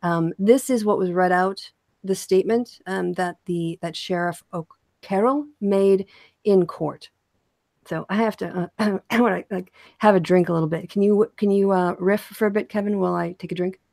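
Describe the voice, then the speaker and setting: A woman's voice: mid-range voice, normal speed, gravelly, darkish tone, dry recording. An American woman co-hosting a casual talk show, chatting and laughing easily, and reading a court statement aloud. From United States. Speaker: podcast co-host. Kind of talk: casual chat.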